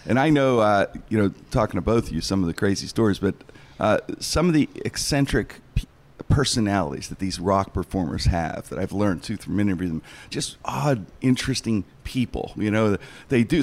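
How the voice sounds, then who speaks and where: A man hosting a podcast, asking loose, halting questions with fillers. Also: mid-range voice, sing-song. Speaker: podcast host. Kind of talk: casual interview chat.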